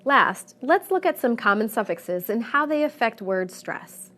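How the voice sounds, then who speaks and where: A woman narrating a scripted pronunciation lesson, speaking clearly and deliberately and stressing each example word. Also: a little high, big pitch swings, a bit bright. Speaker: English pronunciation teacher.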